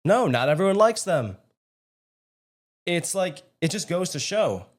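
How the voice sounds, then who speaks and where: A man's voice: sits high, big pitch swings, unhurried. Young man, podcast co-host, dry, sarcastic, casual talk. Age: young adult. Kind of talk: casual political podcast chat.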